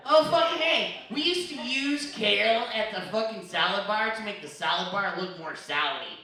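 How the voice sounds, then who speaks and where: A woman's voice: mid-range voice, lively intonation, normal speed, bright, forceful tone. A young woman telling a crude, profane, self-mocking story at a live storytelling comedy show. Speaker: storyteller comic. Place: comedy bar stage. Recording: echoey room from far off, crowd noise. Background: laughing crowd.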